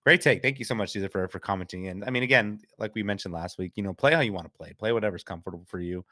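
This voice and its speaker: A man's voice: fairly low pitch, racing, pushed and bright, dry recording, clean studio sound. A man hosting a casual podcast chat, laughing often and reading out viewer comments. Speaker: podcast host.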